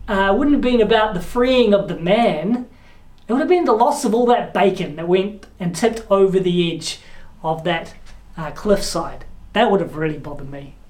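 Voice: mid-range voice, a little mellow. A pastor preaching a sermon in an earnest, direct way, often putting challenging questions to the congregation.

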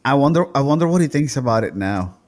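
A man's voice: mid-range voice, expressive, fast, darkish tone. A man co-hosting a casual podcast, joking around and laughing often. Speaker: podcast co-host. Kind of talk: casual chat.

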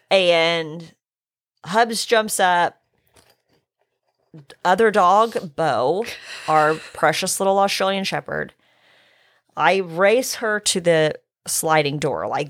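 A middle-aged woman, hoarse from illness, telling a story in casual chat, acting out her own quotes and swearing. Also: fairly low pitch, slow pace, pauses often, no room sound, studio quality.

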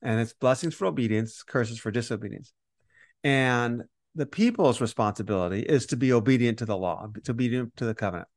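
A man teaching through a passage of scripture in easy conversation, now and then dropping into quoted voices to make a point. His voice sits at an ordinary middle pitch and sounds close and dry, with no room around it. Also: fairly quick, no room sound. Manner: animated explainer, acts out quoted voices. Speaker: podcast co-host teaching on Romans.

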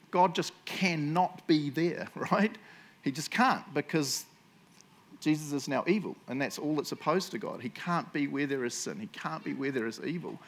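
A man's voice: fairly high pitch, a bit bright. A man preaching a casual sermon, telling stories in a jokey, self-mocking way and teasing his listeners. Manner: jokey, self-mocking storyteller who teases the audience.

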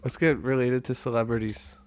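A man's voice: mid-range voice, steady tone, fairly quick. A man in casual podcast chat, playful and joking, spinning tall tales with a straight face. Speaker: podcast guest.

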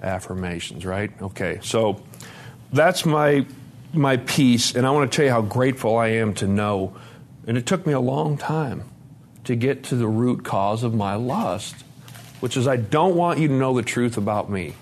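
A man shares a frank personal testimony at a conference. His voice sits at a middling pitch and swings between quiet, hushed passages and loud, laughing bursts. A faint ambient hum runs underneath. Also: lively intonation, moderate pace. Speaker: speaker sharing his recovery story. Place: conference hall.

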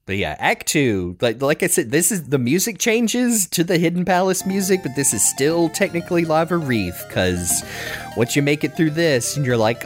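A man's voice: on the high side, big pitch swings, normal speed, faint music behind. A man co-hosting a video game podcast, joking around and laughing often as he chats. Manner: joking, laughs often, puts on silly voices. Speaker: podcast co-host. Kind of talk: casual chat.

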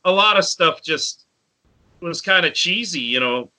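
A man's voice: on the high side, expressive, measured pace, pushed and bright. A man in his forties chatting casually about a favorite movie and telling a story from his youth. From grew up in the countryside. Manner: storytelling, acts out friends' voices. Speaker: podcast co-host.

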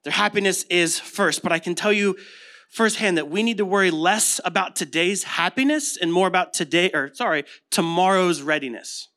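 The voice is high-pitched, bright and forceful, delivered at a moderate pace. It belongs to an American pastor in his thirties whose informal sermon mixes stories with rhetorical questions.

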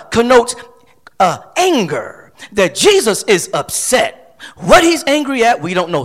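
A middle-aged man from Flint, Michigan preaching a sermon, repeating phrases and building to shouts. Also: high-pitched. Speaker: pastor.

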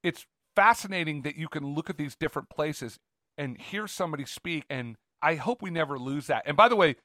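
A man from Northern California co-hosting a podcast, telling stories in an animated, rambling way. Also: fairly high pitch, a little fast, dry recording, clean studio sound. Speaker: podcast co-host. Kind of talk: casual chat.

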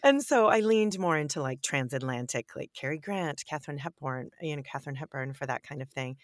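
A woman who narrates audiobooks, answering interview questions in an animated, emphatic way and laughing often. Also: sits low, a little fast, dry recording, studio quality.

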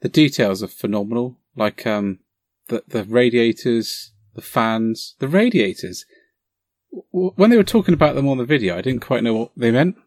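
Casting: excitable man, podcast co-host, dry close sound. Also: medium pitch, moderate pace, no echo. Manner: enthusiastic, rambling with fillers. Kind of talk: casual chat.

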